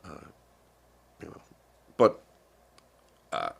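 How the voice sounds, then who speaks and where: A man's voice: extremely slow, a bit bright. An older man from the United States who is feeling unwell, giving rambling, sarcastic political commentary with lots of fillers on a live stream.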